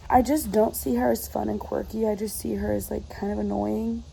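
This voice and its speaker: A woman's voice: mid-range voice, gravelly, dark tone, a little hiss or hum, low-quality recording. A woman chatting casually about a book she's reading, rambling and exasperated, with lots of filler words. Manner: exasperated, rambling, heavy use of filler 'like'. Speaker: book reviewer.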